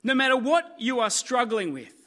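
A man's voice: very high-pitched, big pitch swings, moderate pace, bright, forceful tone. A man preaching a sermon in an earnest, emphatic way, building his points through repetition.

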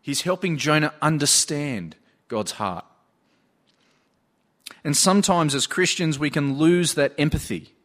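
A man's voice: a little high, lively intonation, measured pace, long pauses, a bit bright. A man preaching a sermon, earnestly telling stories from his own work and retelling what people said. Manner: earnest, storytelling with retold dialogue.

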